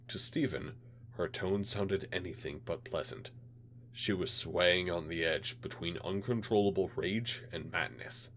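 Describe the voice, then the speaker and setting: A man reading a science fiction story aloud, with lively, dramatic storytelling, while slightly ill. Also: low voice, measured pace, slight background noise. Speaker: narrator. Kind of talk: amateur audiobook reading of sci-fi story.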